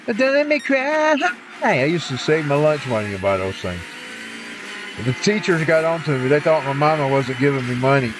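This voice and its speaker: A man's voice: medium pitch, expressive, a little fast. Folksy man on a noisy stream. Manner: rambling, folksy, trails off to recall things. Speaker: livestreamer. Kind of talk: casual chat between singing. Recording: noisy background.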